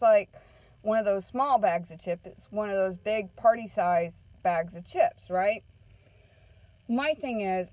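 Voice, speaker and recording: A woman's voice: medium pitch, darkish tone, no room sound, poor audio. A woman counselor giving a casual morning talk, chatting through a story and checking in with her listeners. Her voice sits in a middle range. It is recorded close and dry. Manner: chatty storytelling, keeps asking "okay?". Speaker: parenting counselor.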